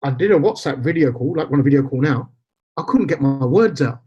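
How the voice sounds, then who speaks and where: A man's voice: medium pitch, animated, a little fast. A man, telling a personal story as a podcast guest, acting out quoted dialogue and slipping in Punjabi phrases. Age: 40s. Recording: slightly dull lo-fi podcast audio.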